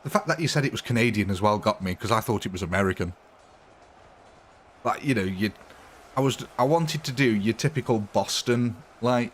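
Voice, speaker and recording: A man's voice: medium pitch, normal speed. A man casually chatting with viewers during a live stream, rambling and laughing often.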